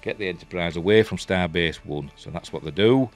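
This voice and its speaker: A man's voice: sits low, a little fast, soft background music. A man with a Yorkshire accent reviewing a TV episode in a casual, rambling way, full of fillers and restarts. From Yorkshire, England.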